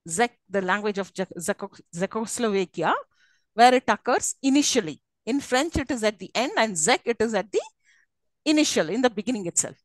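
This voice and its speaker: In a rough recording with no room sound, a fairly high-pitched woman with an Indian English accent teaches a live online university lecture. She explains things at length, restarting and using fillers a lot, and regularly checks in with her students.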